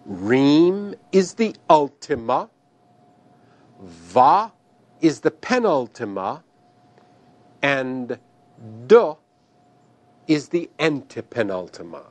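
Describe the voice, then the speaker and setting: Man teaching grammar, super slow and careful, voice goes up and down a lot. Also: medium pitch, very animated, darkish tone, dry recording. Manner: slow and deliberate, careful pronunciation of terms. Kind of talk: recorded grammar lecture.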